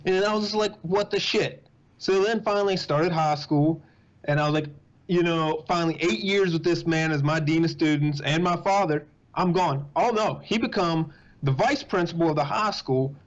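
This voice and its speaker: A young man with a drawl chats as a podcast guest, his voice sitting a little high. He tells stories in animated, quick bursts. The sound is dull and lo-fi. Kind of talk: casual chat.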